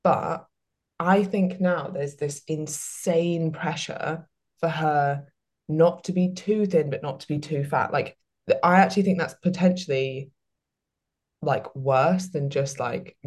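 Low-pitched woman podcast host; relaxed, rambling, filler-heavy chat. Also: a little slow. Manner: chatty, lots of "like" fillers. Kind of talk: casual chat, reading listener questions.

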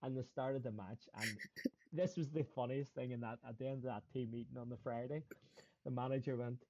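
A middle-aged man from Northern Ireland with a Belfast accent, a former footballer telling lively stories as a podcast guest, laughing often and acting out quotes. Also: mid-range voice, a little fast, highs cut off. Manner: animated storyteller, laughs often, acts out quotes. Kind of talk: storytelling in a podcast interview.

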